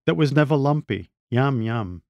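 A man reading the lines of a plain, matter-of-fact husband in a gravelly voice. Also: medium pitch, lively intonation, moderate pace, a little mellow, no room sound, clean studio sound. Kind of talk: reading own short story aloud.

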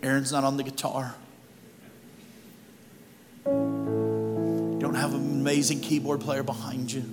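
A man's voice: mid-range voice, monotone, slow pace. Male guest pastor, conversational storytelling sermon, music playing under a reverberant hall. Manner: humorous, anecdotal, conversational delivery. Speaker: guest preacher. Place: church.

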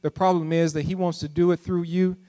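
A man preaching a sermon as pastor, repeating lines with rising emphatic calls and dropping low and soft between them. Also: little pitch movement, brisk.

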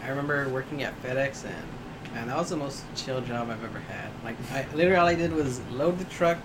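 A young man in casual chat, telling a story about a past job in a relaxed, easygoing way. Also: mid-range voice, brisk. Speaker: friend telling stories. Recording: noisy room background.

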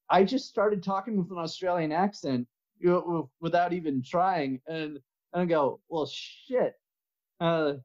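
A man's voice: sits high, darkish tone, highs cut off. A man as a podcast guest in casual interview chat, laughing often while he tells stories.

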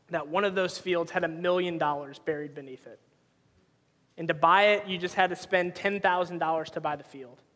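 High-voiced man preaching in a reverberant hall. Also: fairly bright tone. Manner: conversational, storytelling with personal anecdotes. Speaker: pastor. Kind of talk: sermon.

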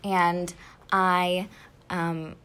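A woman's voice: fairly low pitch, little pitch movement, extremely slow, a bit bright, clear, resonant tone. A woman in her twenties, a college senior co-hosting a podcast, telling a story in a chatty way full of "like" and "um". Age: 20s. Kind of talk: casual chat.

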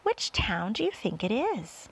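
A woman's voice: medium pitch, wildly swooping pitch, a little slow, breathy edge, exaggerated voice, low-quality recording. Woman voicing a kindly ladybug, storybook creature, wondering, exclaiming. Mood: amazed.

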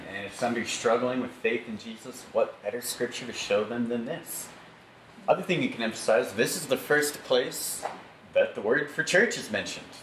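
A man leads a Bible study with slides, teaching conversationally and asking the group for amens. His mid-range voice is a bit bright, recorded in an echoey room with faint background noise.

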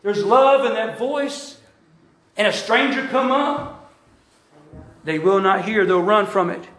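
Man, preacher, sermon, shouting at peaks, very high voice, heavy hall echo. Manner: impassioned, shouting at peaks, drawn-out calls to the church. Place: church sanctuary. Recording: very echoey church hall.

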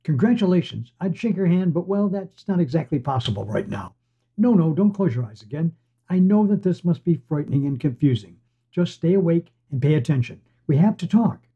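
A man's voice: fairly high pitch, animated, a little fast, husky. A man voicing a chatty, pushy talking severed head of a man, needling and wheedling. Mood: pleading. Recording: dull lo-fi recording.

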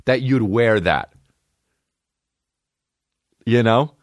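A man in his thirties hosting a podcast from home, rambling in a casual, profane, animated way with lots of restarts. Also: mid-range voice, extremely slow, dry recording, clean studio sound. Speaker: podcast host. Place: at home, dogs nearby. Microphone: podcast microphone.

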